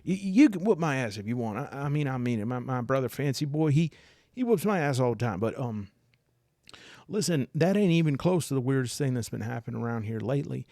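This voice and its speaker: A man's voice: mid-range voice, lively intonation, brisk, dark tone, no room sound, clean studio sound, close to an everyday voice. A man voicing a nosy, overfamiliar young man who stammers and rambles. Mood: pleading.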